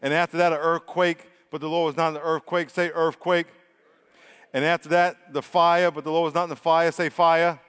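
Preacher, male, fairly high voice, energetic and swinging from loud to hushed, church hall reverb. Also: moderate pace, clean tone. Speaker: pastor. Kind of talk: sermon.

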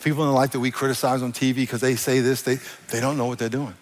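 A man's voice: medium pitch, flat delivery, quick pace, in a large hall. A man preaching a sermon, talking directly to the congregation in a playful, joking way. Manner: playful, joking with the congregation, acts out quoted voices; addresses the audience directly. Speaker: pastor.

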